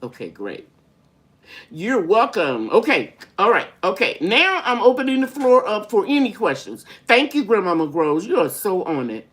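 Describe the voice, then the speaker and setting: A woman's voice: mid-range voice, sing-song, normal speed, fairly bright tone. An older woman hosting a live-stream gardening Q&A, chatty and folksy, greeting viewers by name as she rambles through explanations. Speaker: gardening channel host.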